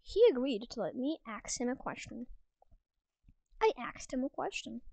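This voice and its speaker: A woman's voice: fairly high pitch, very animated, normal speed, vocal fry, dark tone, no echo. A woman giving casual, self-mocking gameplay commentary from a room at home, often dropping into whispered asides. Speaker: gaming video creator.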